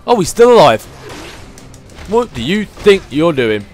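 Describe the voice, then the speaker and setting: A man hosts a gaming channel and talks through a let's play, chatty and excitable. His voice sits a little above the usual male range as he thinks aloud about the game. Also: a little high, normal speed, soft background music.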